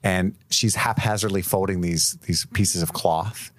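A man's voice: sits low, fairly even intonation, unhurried, dry recording, studio quality. A man co-hosting a film podcast in a casual chat, joking and chiming in with asides. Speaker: podcast co-host.

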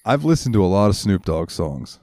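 Male co-host with a lowish voice, laid-back and joking, dry close mic. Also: sing-song, brisk, darkish tone, no room sound. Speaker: podcast co-host. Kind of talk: casual chat.

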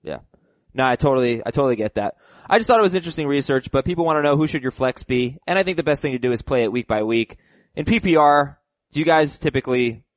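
A man's voice: mid-range voice, no room sound. A man hosting a casual sports podcast, upbeat and reading listener emails aloud. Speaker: podcast host.

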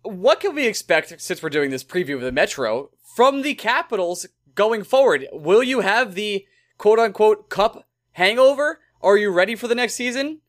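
High energetic guy cohosting a sports podcast, bouncy voice, goofs on names. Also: moderate pace. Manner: animated, joking, stumbles over names. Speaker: podcast co-host. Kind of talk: casual chat.

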